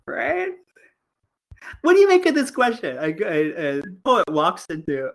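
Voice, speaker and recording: A middle-aged man teaching a college class in a loose, chatty way. His pitch swoops widely as he jokes, and he stumbles through fillers and restarts, often breaking into laughter. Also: creaky, low-quality recording. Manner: animated, laughing, halting with many fillers. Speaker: college lecturer. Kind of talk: casual online class lecture.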